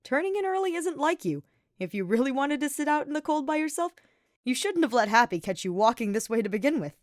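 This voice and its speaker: A woman's voice: high voice, very animated, fast, dry recording, clean studio sound, voice pushed up. A woman reading the lines of a playful, confident young male knight with a smirking delivery. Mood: teasing.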